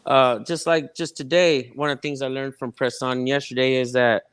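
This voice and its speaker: Male guest, smooth resonant voice, relaxed, slangy, full of fillers. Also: medium pitch, normal speed, no room sound. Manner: laid-back, heavy fillers, slangy. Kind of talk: casual livestream chat.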